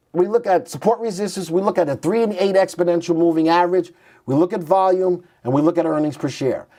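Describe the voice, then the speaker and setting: A man's voice: on the high side, darkish tone. A man hosting a stock market show, chatty and thinking aloud as he types in tickers and reads charts live.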